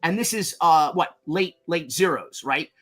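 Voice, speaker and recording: A documentary filmmaker from Miami telling rambling, profane anecdotes as a podcast guest, full of fillers and restarts. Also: male voice, fairly high pitch, expressive, a little slow, a bit bright. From Miami, Florida, US. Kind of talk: anecdotal storytelling in a podcast interview.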